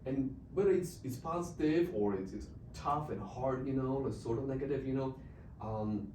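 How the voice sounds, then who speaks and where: A man from the Czech Republic who speaks English with a Czech accent, an expressive missionary telling stories as an interview guest. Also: mid-range voice, normal speed, slight background noise. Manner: expressive, laughs often. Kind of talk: animated storytelling. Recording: roomy, distant mic.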